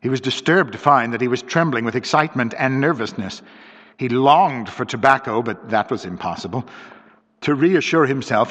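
A man's voice: mid-range voice, a bit bright. Man reading a story in a reverberant hall. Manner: measured, dramatic reading. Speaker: narrator. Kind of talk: audiobook narration of a mystery story. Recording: dull lo-fi audio with long reverb.

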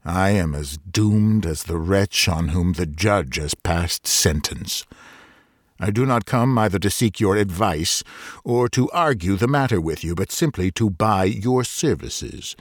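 A man's voice: dry recording, clean studio sound. A man reading a hollow-voiced doomed stranger. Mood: grave calm. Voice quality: hollow, distant, low murmur. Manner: calm, grave, measured. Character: doomed pale middle-aged man summoned by dead. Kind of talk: scripted narration of a Victorian ghost story.

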